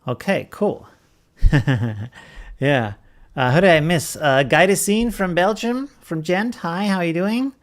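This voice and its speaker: A man's voice: high voice, lively intonation, takes it slowly. A man with a German accent hosting a casual live stream, greeting viewers by name and chuckling often.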